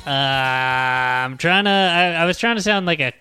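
A man's voice: on the high side, unhurried, sharp tone, clear, resonant tone, dry recording, faint music behind. A man co-hosting a podcast, joking and self-deprecating in casual comedic chat. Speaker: podcast co-host.

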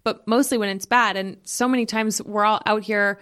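A woman's voice: medium pitch, steady tone, normal speed, a bit bright. A woman guest on a podcast, explaining her ideas in an earnest, emphatic way. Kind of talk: casual chat.

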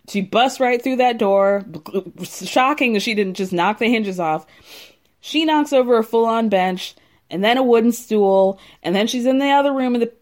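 With a voice on the high side, a young woman gives a chatty, gossipy recap of a reality show. She laughs often and acts out what people said.

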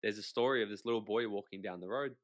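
A man, a podcast guest, telling stories in a lively conversational way, swearing casually and acting out quotes. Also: on the low side, quick pace. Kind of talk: animated conversational storytelling.

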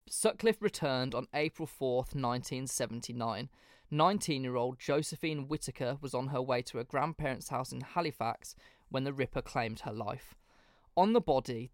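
A man's voice: medium pitch, dry recording, studio quality. A man hosting a podcast, narrating a case casually with plenty of swearing. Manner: casual, swears freely, reads from notes. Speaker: podcast host.

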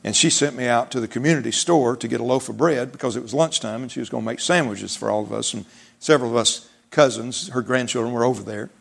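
A man's voice: mid-range voice, fast talker, creaky. A man preaching a sermon in an emphatic, repetitive way, mixing in folksy humor.

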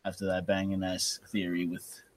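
A man's voice: low-pitched, monotone, normal speed, a crowd in the background. A man co-hosting a casual wrestling podcast, joking around with hesitant fillers. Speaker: podcast co-host.

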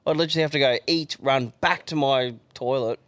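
A man's voice: medium pitch, brisk, fairly bright tone, no room sound. An Australian man co-hosting a podcast, easygoing and profane in casual banter. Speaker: podcast co-host.

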